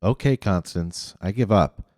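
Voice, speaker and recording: A man doing a calm, steady boy leader. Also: low voice, no room sound, clean studio sound, long reverb tail. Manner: calm, measured.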